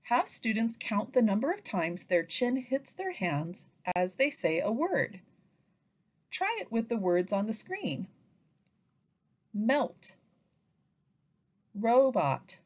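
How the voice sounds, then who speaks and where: A woman giving an instructional training narration for early reading teachers, pausing to chant example phrases. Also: a little high, husky. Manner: slow, lively delivery with chanted example phrases.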